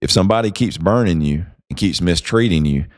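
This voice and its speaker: A man's voice: deep voice, expressive, brisk, no room sound, studio quality. A man hosting a motivational podcast, talking with emphatic, preacher-like delivery. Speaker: podcast host.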